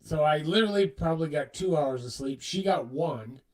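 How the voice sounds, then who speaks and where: A man's voice: on the high side, expressive, moderate pace, a little mellow, recorded from a distance, rough recording. Rambling man telling a story. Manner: rambling, retells dialogue. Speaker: co-host. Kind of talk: casual storytelling chat.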